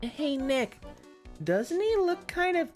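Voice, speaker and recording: A bold, cheerful young woman sidekick with a playful lilt, read aloud by a woman. Her voice sits fairly high, moves around a lot, and takes its time. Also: big pitch swings, takes it slowly, soft background music, exaggerated voice. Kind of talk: reading a game script aloud.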